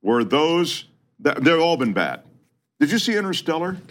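A man's voice: a little high, big pitch swings, moderate pace. A man co-hosting a casual panel podcast, chatting expressively and agreeably. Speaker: podcast co-host.

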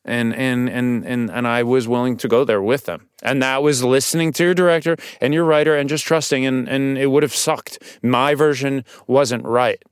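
A man guesting on a podcast as an actor, telling stories casually in a studio, animated and swearing now and then. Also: mid-range voice, moderate pace, few pauses, clean tone, dry recording. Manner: animated storytelling with restarts and swearing.

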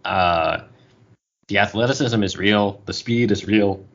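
A man co-hosting a casual sports podcast, opinionated and animated, often restarting his sentences. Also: fairly low pitch, a little slow, vocal fry. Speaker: podcast co-host. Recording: dull lo-fi audio over bad Wi-Fi.

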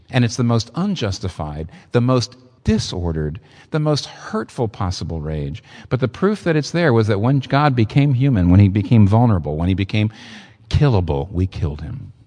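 A man preaching a sermon, emphatic and expressive, with sudden leaps in pitch for emphasis. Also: moderate pace, long reverb tail. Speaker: pastor.

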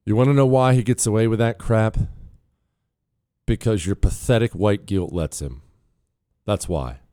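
A man's voice: lowish voice, unhurried, mellow, no room sound, clean studio sound. A man hosting a political talk show, combative and sarcastic, often mocking others in put-on voices.

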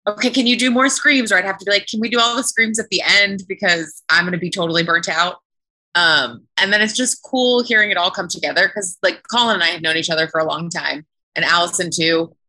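Woman, cast member, chatty, laughs a lot, bright tone, lowish voice. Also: a little fast. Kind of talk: casual chat.

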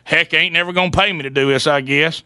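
A man, co-hosting a talk show and telling a comic story in an animated way, mimicking people as he goes. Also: quick pace, clean tone, no echo. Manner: animated, imitates people in falsetto while telling stories. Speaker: radio show co-host.

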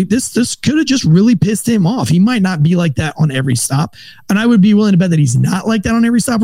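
High-pitched man, ex-cop, swears a lot, animated storyteller, dry close mic. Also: no echo. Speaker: former police officer. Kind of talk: casual podcast storytelling.

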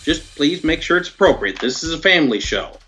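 A man guest-hosting a podcast, reading promos and introducing a guest in an upbeat, animated way. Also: a little high, a little fast, a little hiss or hum. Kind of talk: podcast reads and interview.

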